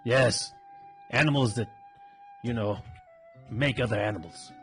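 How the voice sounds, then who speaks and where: A man's voice: medium pitch, a little slow, faint music behind. A man playing a tabletop game, speaking in a playful, theatrical way. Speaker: player. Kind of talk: in-character tabletop play.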